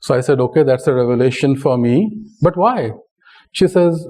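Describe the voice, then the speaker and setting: A man with an Indian English accent speaks to an audience in a mellow, relaxed tone. He lectures in a conversational way, tells stories to make his points and keeps asking "right?" along the way. His pitch sits in the middle range. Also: moderate pace, rough recording. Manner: conversational, often adds "right?". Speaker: speaker giving a talk. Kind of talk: public lecture with anecdotes.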